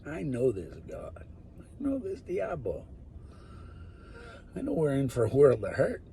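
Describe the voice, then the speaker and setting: A man talking in a rambling monologue, drifting between loud bursts and muttered, whispered asides. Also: mid-range voice, wildly swooping pitch, unhurried, gravelly, a little hiss or hum. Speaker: solo talker.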